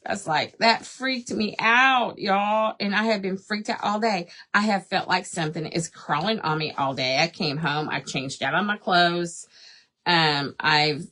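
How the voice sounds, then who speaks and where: A woman's voice: on the low side, unhurried, fairly bright tone. A middle-aged woman hosts a live crafting stream from home. She talks casually to her viewers as she paints, drifting into long chatty stories and calling them y'all. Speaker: crafting livestream host. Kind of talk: casual chat while painting.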